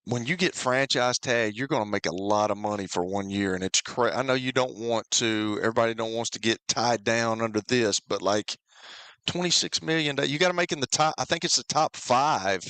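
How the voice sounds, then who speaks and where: A man co-hosting a sports radio show, animated, emphatic and joking. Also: medium pitch, moderate pace, no room sound. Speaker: radio co-host. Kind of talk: casual sports radio banter.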